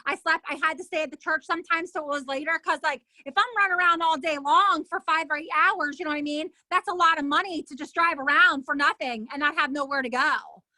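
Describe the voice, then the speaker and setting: Middle-aged woman, high bright voice, indignant storyteller, dry close sound. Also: brisk, few pauses, dry recording. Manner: animated, acts out other people's lines. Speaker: interview guest. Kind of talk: emotional personal storytelling.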